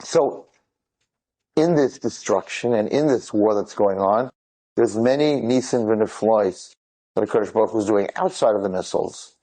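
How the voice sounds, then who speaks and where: A man's voice: fairly low pitch, moderate pace, low-quality recording. A man retelling dramatic stories to an audience, acting out the dialogue and breaking off into asides. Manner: animated, acts out quoted dialogue, frequent asides.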